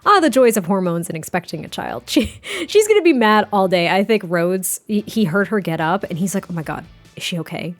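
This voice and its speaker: A woman's voice: mid-range voice, expressive, brisk, hardly any pauses, no room sound, soft background music. A young woman giving casual, chatty gameplay commentary, giggling often and restarting her sentences. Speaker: gaming creator.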